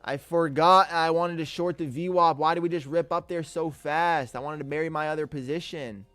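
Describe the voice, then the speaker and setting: A young man live-streaming his day trading, excitable and swearing often as he talks to his chat. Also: fairly high pitch, moderate pace, no echo. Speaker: livestreaming day trader. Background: faint music.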